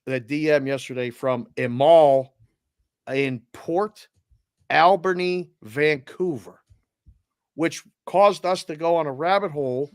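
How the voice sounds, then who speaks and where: A man's voice: a little high, no echo, studio quality. Earnest man co-hosting a betting podcast. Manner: earnest, heartfelt, reads listener messages aloud. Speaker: sports betting podcast co-host. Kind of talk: casual podcast chat.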